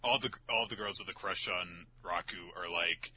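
A man's voice: low voice, normal speed, sharp tone, slight background noise, rough recording. A young man co-hosting a casual manga podcast, laughing often, swearing, and mimicking characters as he recaps. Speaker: podcast co-host.

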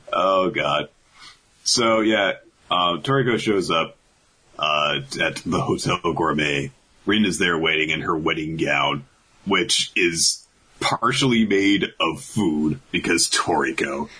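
A man's voice: sits low, slow, pauses often, pushed and bright, slightly rough, rough recording. A man casually recapping an anime episode with a co-host, joking, swearing and laughing often. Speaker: podcast co-host. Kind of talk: casual comedic recap chat.

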